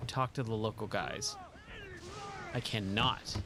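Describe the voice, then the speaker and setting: A man's voice: lowish voice, fairly even intonation, slow pace, background noise. A man streaming a video game late at night, chatting casually and enthusiastically about the game and laughing often. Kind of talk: casual gameplay commentary.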